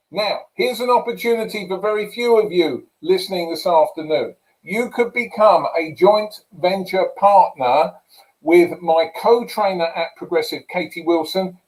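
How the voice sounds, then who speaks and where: A middle-aged English man giving an energetic sales pitch for a property program, telling lively stories with punchy asides. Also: low-quality recording. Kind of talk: live sales presentation.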